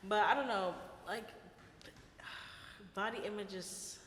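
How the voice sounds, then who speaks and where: A young woman co-hosting a casual podcast chat, animated and laughing as she tells stories. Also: medium pitch, slow pace, slight background noise. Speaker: podcast co-host. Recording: echoey room with long reverb.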